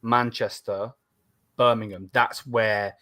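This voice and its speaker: A young man in a casual podcast chat, teasing and swearing, quick to laugh. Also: fairly low pitch, steady tone, bright, forceful tone.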